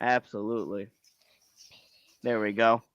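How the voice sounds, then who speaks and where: A man calling wrestling play-by-play in a relaxed, slangy, joking way. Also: fairly low pitch, measured pace, clean tone, dry recording, lo-fi sound. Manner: laid-back, slangy, joking. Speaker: wrestling commentator and host. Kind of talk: reading wrestling play-by-play, casual banter.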